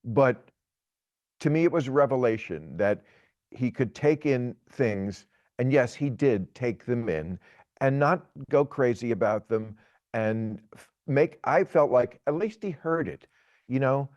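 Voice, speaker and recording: A man in his sixties giving opinionated political talk, halting and repeating words, then pressing his point emphatically. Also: medium pitch, expressive, a little mellow, dry recording, highs cut off. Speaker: guest commentator.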